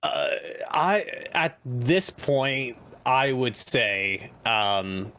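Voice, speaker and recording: A man playing a tabletop game, talking hesitantly with many fillers and pauses. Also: medium pitch, animated, sharp tone. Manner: hesitant, halting, lots of fillers. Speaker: player. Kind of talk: casual game chat.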